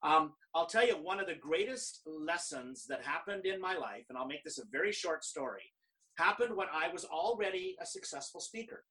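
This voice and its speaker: A middle-aged man from Canada, a professional speaker, telling stories in an animated, conversational way and acting out other people's lines. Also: fairly high pitch, moderate pace, distant mic, poor audio. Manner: animated, quotes others in lively dialogue. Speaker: guest speaker. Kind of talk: conversational storytelling.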